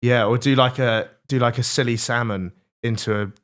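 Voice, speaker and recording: A man's voice: medium pitch, steady tone, normal speed. A man co-hosting a podcast, bragging and joking crudely in casual banter. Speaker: podcast co-host.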